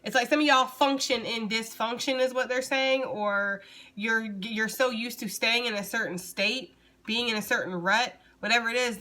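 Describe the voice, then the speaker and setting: Blunt woman tarot reader, bright voice, casual and profane, laughs a lot. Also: a little high. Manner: blunt, swears freely, laughs often.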